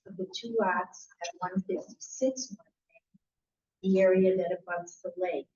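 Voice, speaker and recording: Local woman at the podium, steady reading pace, warm tone. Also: medium pitch, recorded from a distance, lo-fi sound. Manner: measured, reading from notes. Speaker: resident giving public comment. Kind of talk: reading a prepared public comment. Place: school cafeteria.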